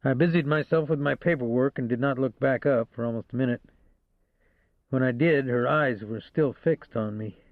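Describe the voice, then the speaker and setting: A man's voice: mid-range voice, moderate pace, dry recording. Man narrating a crime audiobook. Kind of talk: first-person audiobook narration. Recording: dry, narrow phone-like sound.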